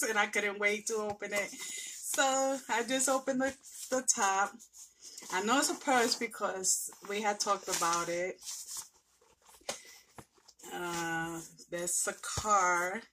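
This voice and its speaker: A woman's voice: medium pitch, slow pace, long pauses, slight background noise. A woman vlogger gushing and exclaiming as she unboxes a craft parcel from a friend. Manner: gushing, excitable, talks to friend directly. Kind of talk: casual unboxing chat.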